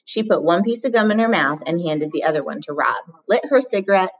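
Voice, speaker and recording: A woman narrating a children's novel in a calm, even reading voice. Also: lowish voice, fairly quick, husky, rough recording. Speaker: audiobook reader. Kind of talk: storybook narration.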